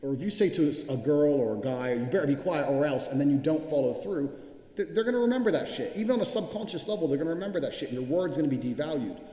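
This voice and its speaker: A man's voice: fairly high pitch, lively intonation, fast, warm tone. A man giving a blunt, profane motivational monologue with heavy emphasis. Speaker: motivational speaker. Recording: echoey, reverberant room sound.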